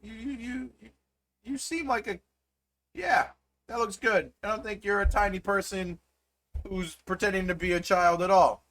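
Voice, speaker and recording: A man voicing a flustered male goblin bank guard in a tabletop game, high and panicky. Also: normal speed, fairly bright tone. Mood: nervous.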